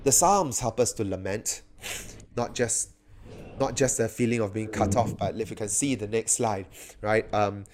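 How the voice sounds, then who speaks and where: A man preaching a sermon, animated, often raising his voice to act out cries of the psalms. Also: lowish voice, normal speed, a little hiss or hum. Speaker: pastor.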